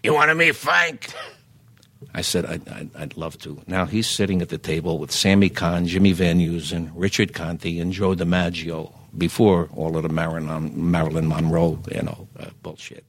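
An older man, a singer guest telling lively anecdotes in casual chat, stammering on restarts and acting out other people's lines. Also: deep voice, moderate pace, hardly any pauses, no room sound. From Philadelphia. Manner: animated anecdotes, acts out quoted voices, stammers restarts.

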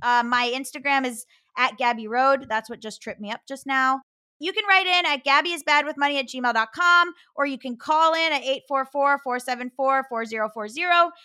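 An American woman hosting a podcast, chatting excitably and laughing often. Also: high-pitched, moderate pace. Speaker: podcast host. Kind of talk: casual podcast chat.

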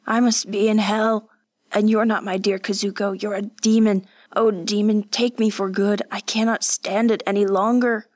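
A woman voicing a badly wounded young woman who is weak and delirious, speaking in a faint breathy whisper. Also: mid-range voice, little pitch movement, normal speed, a little mellow, no echo, lightly acted.

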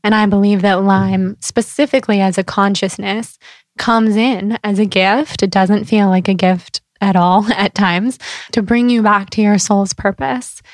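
A woman's voice: medium pitch, steady tone, a little slow, no echo. A woman speaking as a podcast guest in casual chat, reflective and openly spiritual.

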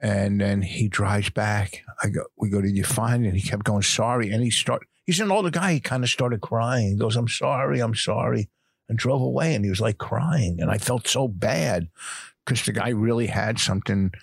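A man co-hosting a podcast, telling rambling anecdotes in a deadpan way and ribbing his wife. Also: lowish voice, normal speed, creaky, slightly rough, no room sound, studio quality. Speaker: podcast co-host. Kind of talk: casual banter and storytelling.

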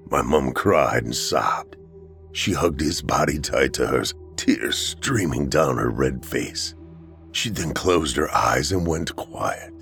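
A man reading a first-person horror story in a somber, measured telling. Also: rumbling low, creaky. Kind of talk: scripted horror narration.

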